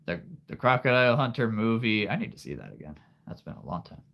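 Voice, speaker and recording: A man in his thirties chatting casually as host of a livestream, rambling and halting and laughing often. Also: lowish voice, huge pitch swings, creaky, a bit bright. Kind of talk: casual live-stream chat.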